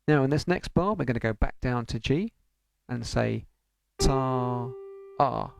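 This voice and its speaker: A man's voice: medium pitch, animated, normal speed, creaky, no echo. A man teaching an online piano lesson, patiently counting beats aloud and singing rhythm syllables.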